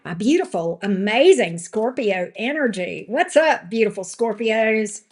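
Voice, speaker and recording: A woman's voice: mid-range voice, expressive, a little slow, slightly rough. A woman doing a live tarot reading who talks back to chat with sass, scolding troublemakers and laughing often. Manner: sassy, scolding chat trolls, laughs a lot. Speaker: tarot reader.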